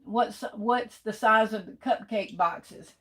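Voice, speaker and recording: A woman's voice: a little high, takes it slowly. A middle-aged woman hosts a casual livestream, reading out comments and greeting viewers while she holds back coughs and sneezes. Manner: chatty, greets viewers warmly with "hey, baby". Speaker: livestream host.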